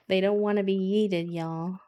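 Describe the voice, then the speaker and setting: A woman streamer giving casual live gaming commentary, giggly, slangy and excitable. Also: medium pitch.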